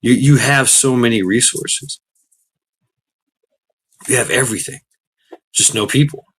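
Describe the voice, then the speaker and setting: A middle-aged man hosting a casual livestream, rambling with many fillers, greeting chatters by name and breaking into excited shouts. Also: mid-range voice, measured pace, husky. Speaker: livestream host.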